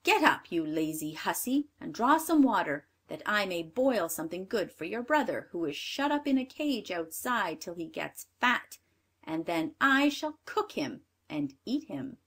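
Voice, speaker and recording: A woman's voice: medium pitch, huge pitch swings, takes it slowly, hardly any pauses, a bit bright, husky, heavily acted. A woman voicing a cruel, greedy old witch in a storybook reading, sneering and barking harsh commands.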